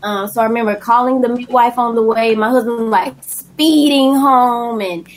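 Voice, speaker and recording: A young woman talks casually and at length, telling a personal story in a chatty, animated way. She slips into a higher voice to act out what people said. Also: normal speed. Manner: chatty and animated, acts out quoted lines in a high voice. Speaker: guest telling her birth story.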